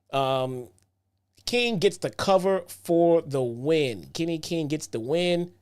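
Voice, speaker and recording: Host read: relaxed adult male, slightly higher-pitched than most men, easygoing recap delivery, lots of "um" and "man". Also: takes it slowly, clear, resonant tone. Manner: laid-back, frequent "um" and "man", repeats himself. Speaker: wrestling show reviewer. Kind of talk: casual match recap commentary.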